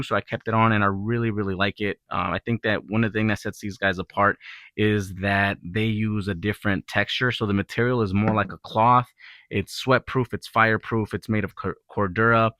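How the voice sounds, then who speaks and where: A man with a lowish, bright, forward voice chats through his gear in a relaxed, rambling way. He fills pauses with ums and uhs, and his voice is recorded close and dry. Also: dry recording. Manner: relaxed, rambling, filler-heavy. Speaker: gun channel host. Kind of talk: casual product review talk.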